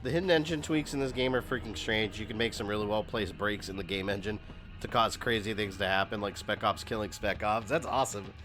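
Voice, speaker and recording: A man's voice: fairly low pitch, steady tone, fairly quick, a bit bright. A man streaming a video game, giving casual, rambling commentary full of fillers. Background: game music.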